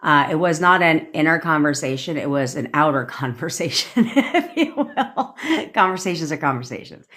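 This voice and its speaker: A woman with a low, slightly bright voice talks briskly with few pauses. She's a manifestation coach on a livestream, delivering a blunt rant full of swearing and acting out the lines she quotes.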